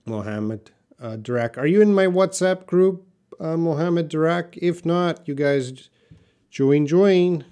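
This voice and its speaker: A middle-aged man hosting a live English lesson, reading chat comments aloud and modelling words slowly. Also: a little high, dark tone.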